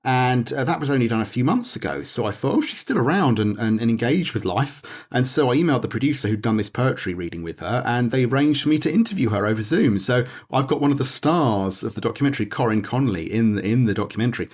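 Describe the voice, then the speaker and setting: A man's voice: mid-range voice, expressive, fast talker, few pauses, darkish tone, breathy edge. A British man in a casual podcast chat, rambling through anecdotes and reading out bits from his notes. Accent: British English. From Britain. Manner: rambling, digressive, reads aloud from notes. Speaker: podcast guest discussing documentary.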